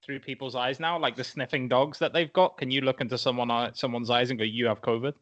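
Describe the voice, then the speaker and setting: A man co-hosting a podcast, joking with quick asides in casual chat. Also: medium pitch, steady tone, a bit bright, dull audio. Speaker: podcast co-host.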